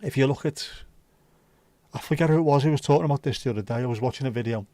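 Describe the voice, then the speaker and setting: Scouse male streamer, warm low-key tone, dry close sound, rambling casual chat. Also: very fast, dry recording. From Liverpool, England. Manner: chatty, rambling, swears freely. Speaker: livestream host.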